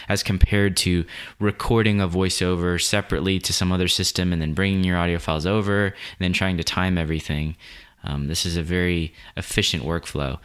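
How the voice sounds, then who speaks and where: A man with a deep, low voice walks through a video editing tutorial. He explains each step in a relaxed, plain way, like a screen-recorded lesson. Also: clear, resonant tone.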